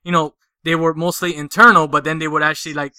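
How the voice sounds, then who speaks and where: A man's voice: a little high, flat delivery, fast, sharp tone, clear, resonant tone, dry recording. A man, co-hosting a podcast in casual, crude, joking chat, swearing often. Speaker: podcast co-host.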